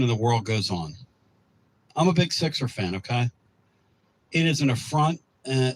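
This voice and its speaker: A man's voice: medium pitch, rough recording. A male sports talk radio host who talks in a blunt, emphatic, folksy way.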